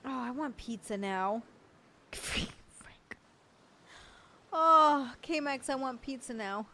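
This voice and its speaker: High-voiced, unhurried woman streamer. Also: expressive, sharp tone, slight background noise. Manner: overwhelmed, stammering, laughing and swearing. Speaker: livestream host. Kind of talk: casual live chat thanking viewers.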